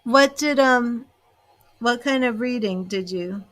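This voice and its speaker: A woman's voice: fairly high pitch, a bit bright. A woman giving live tarot readings, chatting to viewers, reading their questions and turning cards, emotional and chatty. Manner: slow, chatty, emotional, talks to viewers by name. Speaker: tarot reader and psychic.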